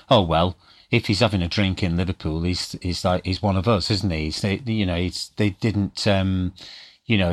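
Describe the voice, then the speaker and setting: Deep-voiced man, halting and reminiscing. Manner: halting, full of restarts. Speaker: guest actor. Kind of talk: reminiscing in a podcast interview.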